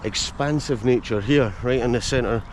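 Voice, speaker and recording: A Scottish man of middling pitch talks into a handheld camera as he strolls through a village, chatty and quick with jokey asides. Faint traffic and outdoor ambience sit behind him. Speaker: vlogger and host. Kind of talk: casual walking vlog. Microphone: handheld camera mic.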